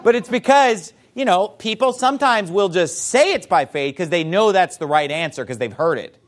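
A man's voice: high-pitched, normal speed. A man teaching church members how to talk with people about salvation, acting out their replies in varied voices. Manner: animated, acts out quoted replies in varied voices.

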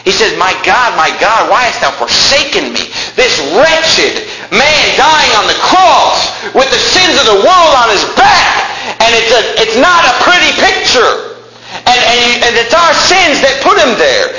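Male fire-and-brimstone preacher, sharp high voice, mocking edge, faint room ambience. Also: reverberant, slight background noise, low-quality recording. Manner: dramatic swings from hushed to shouting; mocking, sarcastic. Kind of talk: fiery sermon.

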